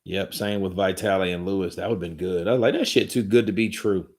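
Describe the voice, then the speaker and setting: A man's voice: low voice, fairly even intonation, brisk, a little mellow. A man hosting a live boxing commentary stream, talking in a rambling, profane, joking way from home.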